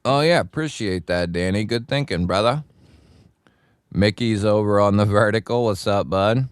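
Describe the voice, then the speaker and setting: A man's voice: fairly low pitch, normal speed, clean tone, no echo, clean studio sound. A man hosting a casual livestream, chatting with viewers and greeting them by nickname. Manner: greets chat viewers by nickname, laid-back and chummy. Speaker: livestream host. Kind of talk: casual live chat with viewers.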